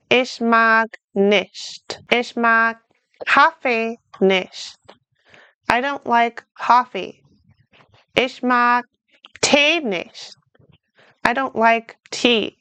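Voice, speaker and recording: Slow, crisp-voiced woman teaching. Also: on the high side, fairly bright tone, no echo. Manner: speaks slowly and carefully, models German phrases then translates. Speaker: German language teacher. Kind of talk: slow, clear beginner lesson.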